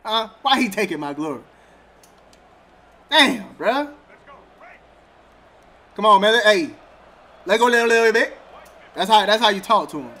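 Speaking in a high voice, a little slowly and with frequent pauses, a gaming streamer plays a football video game. His casual commentary mixes laughter, slang and lively trash talk.

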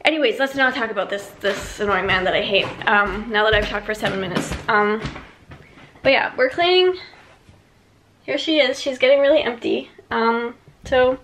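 A woman's voice: fairly high pitch, moderate pace, fairly bright tone, slight background noise. A young woman vlogging casually in an emptied apartment, rambling through a story with lots of "like". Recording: echoey empty room.

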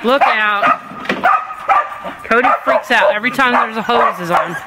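A woman's voice: fairly high pitch, measured pace, heavy background noise. A woman filming her dogs outdoors on a backyard deck with a handheld camcorder, doting and laughing as she talks to them. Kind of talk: casual home video chat.

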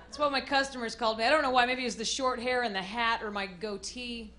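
A young Texan woman performs stand-up in a club, telling self-deprecating stories in a drawl. Her voice sits high for a woman. The live recording carries clear audience noise underneath her. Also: fairly even intonation, quick pace, bright, forceful tone. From Amarillo, Texas. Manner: drawling, self-deprecating storytelling with frequent laughs. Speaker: stand-up comedian. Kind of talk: stand-up comedy set. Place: comedy club stage.

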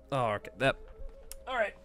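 A man's voice: medium pitch, a bit bright. A man commentating his strategy game, thinking aloud and exasperated at setbacks. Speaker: gaming YouTuber. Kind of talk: let's play commentary.

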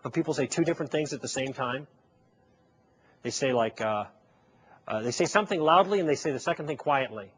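A man's voice: mid-range voice, lively intonation, fairly quick, pauses often, breathy edge. A man giving a persuasive lecture to a live audience, telling a story and acting out both sides of a conversation with rhetorical questions. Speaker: public speaker.

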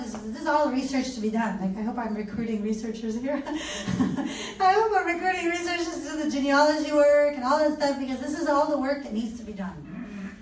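A woman who does not speak natively gives an animated lecture, asking rhetorical questions and acting out conversations. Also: sits high, slight background noise. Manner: animated, asks rhetorical questions, acts out dialogue. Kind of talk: lively lecture. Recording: echoey room, mic far off.

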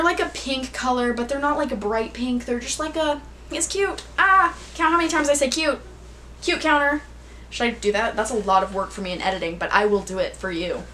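A young woman with a slightly high, bubbly voice rambles through her clothing haul and trips over her words. She fills every pause with "like" and laughs at her own slips. Faint room noise sits behind her. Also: a bit bright. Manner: bubbly, rambling, self-teasing, heavy use of "like". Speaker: vlogger. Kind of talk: casual haul vlog chat.

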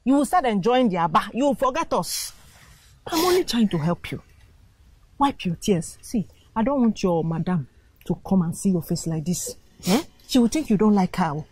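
A woman's voice: medium pitch, big pitch swings, moderate pace, darkish tone, slightly rough. A Nigerian actress playing a poor mother who firmly coaxes her crying daughter to go away. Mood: coaxing. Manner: coaxing yet firm, persuasive.

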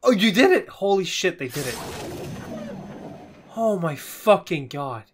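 An anime reaction host giving live commentary, excitable, exclaiming, laughing and swearing often. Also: medium pitch, measured pace, slight background noise.

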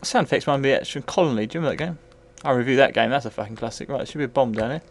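Tipsy, sweary man with gravelly voice. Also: medium pitch, rapid-fire. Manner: sweary, rambling, bursts into excited yells. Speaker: retro game reviewer. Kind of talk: live gameplay commentary.

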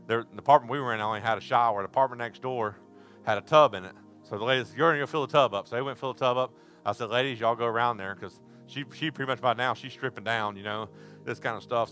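Bright-voiced preacher man. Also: mid-range voice, steady tone, quick pace, faint music behind. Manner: folksy storytelling, bursts into shouting. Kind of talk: sermon. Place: church service.

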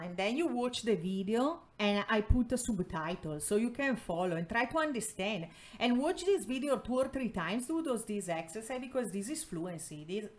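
A woman whose first language is Spanish teaches a lesson, explaining words patiently in English and stopping to restart her sentences. She speaks at an unhurried pace, in a middle-pitched voice. The sound is caught in an echoey room. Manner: slow and explanatory, switching between English and Spanish, with fillers and restarts.

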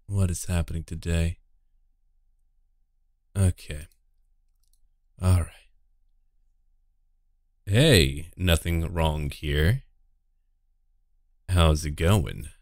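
With a bass voice in studio-quality sound with no room tone, a man offers casual gameplay commentary during a stream. He jokes irreverently and talks directly to his chat while playing.

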